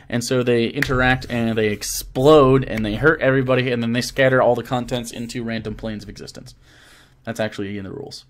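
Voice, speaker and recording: Rambling, animated male dungeon master. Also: mid-range voice. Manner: rambling, animated, swears freely, trails off with fillers. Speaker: dungeon master answering viewer questions. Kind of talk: casual livestream Q&A.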